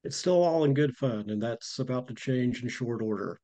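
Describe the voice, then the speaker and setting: A man's voice: medium pitch, moderate pace, dark tone, no room sound. A man guesting on a podcast, chatting casually with brief agreeing replies. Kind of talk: casual conversation.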